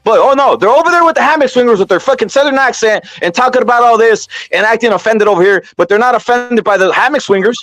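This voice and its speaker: High-voiced man ranting, profane. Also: fast, few pauses, fairly bright tone, no room sound. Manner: profane, repeats "dude" and "bro". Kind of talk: heated casual rant.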